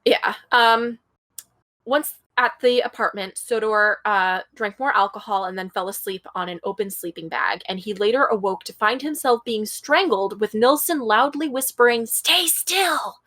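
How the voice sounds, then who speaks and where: A woman tells a true-crime story to her co-host, reading from notes in a relaxed, conversational way. She stumbles over names now and then and drops in blunt asides between the facts. Her pitch sits in an ordinary middle range. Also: normal speed. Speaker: podcast co-host.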